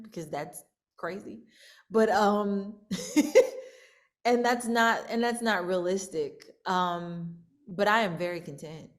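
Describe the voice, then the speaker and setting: A woman, a singer and show producer, talking candidly in an interview, reflective, with many fillers and restarts. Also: medium pitch.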